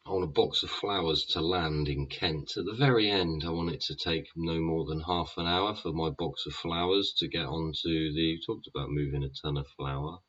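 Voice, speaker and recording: A man's voice: extremely low pitch, moderate pace, few pauses, a bit bright, slightly rough. A man hosting a show, rambling in a sweary monologue full of tag questions like "yeah?" and "wouldn't ya?". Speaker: podcast host. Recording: dull lo-fi recording.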